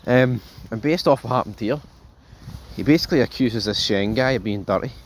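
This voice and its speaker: A man hosting a casual TV review, rambling and animated, swearing freely and calling viewers folks. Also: mid-range voice, brisk, a little hiss or hum. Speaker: show host, TV reviewer.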